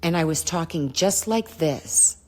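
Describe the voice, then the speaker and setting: A middle-aged woman hosting a podcast, telling a personal story in a candid, blunt way, swearing often and drifting off topic, with a throat she keeps clearing. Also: sits low, animated, a little slow. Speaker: podcast host.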